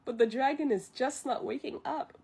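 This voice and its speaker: Chatty woman streamer recapping a film from memory, breathy voice. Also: high voice, moderate pace, a little mellow. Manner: chatty, self-amused, loses her place. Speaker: vtuber streamer. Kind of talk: casual retelling of a film from memory.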